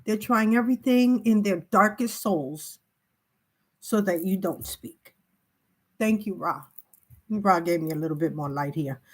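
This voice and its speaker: A woman hosting her spiritual tarot vlog, talking in a halting, tearful and apologetic way as she cries. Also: medium pitch. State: crying. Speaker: tarot reader.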